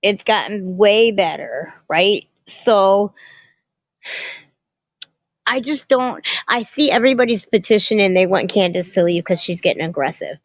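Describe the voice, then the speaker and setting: A woman hosting a casual livestream from a family home, chatty and animated as she greets viewers by name and talks to her chat. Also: medium pitch, a little slow, dry recording. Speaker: livestream host. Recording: muffled lo-fi phone audio.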